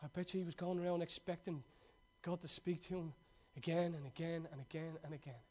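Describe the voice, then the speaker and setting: Man, high-pitched voice, preaching a sermon, excited stories, hushed urgent appeals. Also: a little fast. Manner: swings from excited, laughing storytelling to hushed, urgent exhortation.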